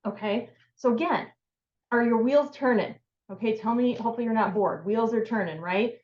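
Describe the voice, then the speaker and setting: A woman's voice: on the high side, normal speed, roomy sound, dull audio. A woman giving a casual, upbeat how-to talk on sales and networking, full of filler words. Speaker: sales trainer.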